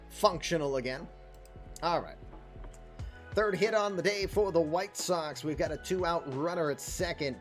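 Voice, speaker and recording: Chatty male baseball play-by-play announcer. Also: fairly high pitch. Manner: chatty, joking asides between plays. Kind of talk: casual solo baseball commentary.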